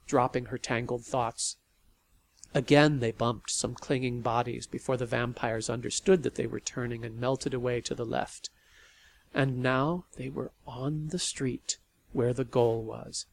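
A man narrating a novel in an expressive storytelling manner. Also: mid-range voice, measured pace, gravelly, no room sound. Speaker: audiobook narrator. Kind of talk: scripted narration.

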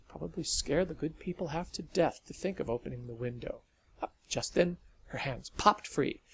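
Gravelly man narrating a story. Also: a little high, a bit bright. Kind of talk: audiobook narration.

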